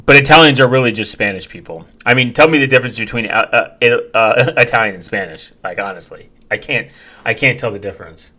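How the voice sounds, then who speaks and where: A man's voice: mid-range voice, brisk, sharp tone. A man vlogging in a rambling, joking way, talking straight to his viewers with many fillers and restarts. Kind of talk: casual rambling talk to viewers.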